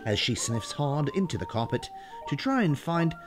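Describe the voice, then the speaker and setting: A man's voice: fairly high pitch, sing-song, normal speed, music in the background, voice pushed up. A man doing a mock-serious nature-documentary narrator voice as a parody. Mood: mock-grand.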